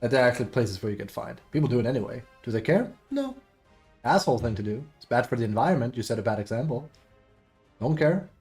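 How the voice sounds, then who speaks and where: A man's voice: mid-range voice, very animated, fast, darkish tone, faint music behind. A man streaming a game, ranting bluntly and with plenty of swearing in a casual, exasperated way. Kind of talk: casual live-stream rant.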